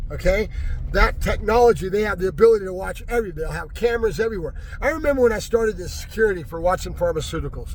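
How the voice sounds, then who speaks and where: A vlogger from California rants angrily to camera in a political vlog, agitated and repetitive, capping his points with "right?" to his viewers. His voice sits high, and a slight hiss or hum is audible.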